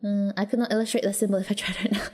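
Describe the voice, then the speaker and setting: A woman's voice: mid-range voice, little pitch movement, very fast, a little mellow. A woman with an Australian accent chats loosely with her livestream viewers and rambles from one thought to the next. She keeps restarting her sentences and giggling. Her voice sits in a middling register, and a long reverb tail trails behind her words. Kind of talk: casual chat with viewers.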